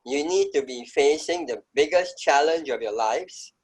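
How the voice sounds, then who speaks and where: A man's voice: fairly high pitch, lively intonation, unhurried, slightly rough, low-quality recording. A middle-aged man speaking as an interview guest, telling his story in an emphatic, reflective way. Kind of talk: conversational interview.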